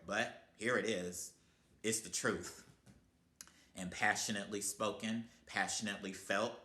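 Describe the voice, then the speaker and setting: A man with a fairly low, bright and forceful voice delivers a profane motivational rant. He talks bluntly and heatedly, cursing at every turn, and his voice rings in an echoey room. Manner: blunt, heated, swearing constantly. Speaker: vlogger.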